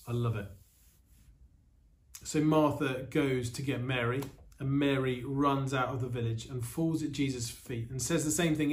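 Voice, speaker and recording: A man preaching a sermon as pastor of an online church service, earnest and steady, with reflective pauses. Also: medium pitch.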